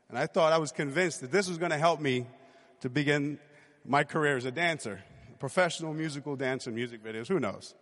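Man, 40s, lively storyteller who acts out quotes; slightly raised pitch, long hall reverb. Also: a little fast. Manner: lively, animated retelling with acted-out quotes. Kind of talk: personal storytelling.

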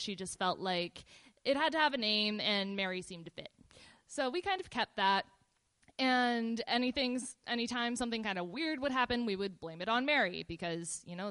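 In a relaxed, meandering way, a woman casually shares a personal story, her medium-pitched voice dotted with fillers and pauses.

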